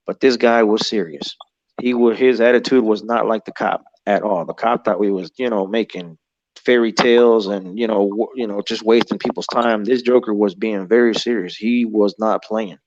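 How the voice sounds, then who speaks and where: A man's voice: fairly low pitch, steady tone, moderate pace, darkish tone, no echo. A man in his thirties, a guest telling an encounter story in a rambling, profane way and acting out other people's lines. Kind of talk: casual storytelling. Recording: dull, muffled audio.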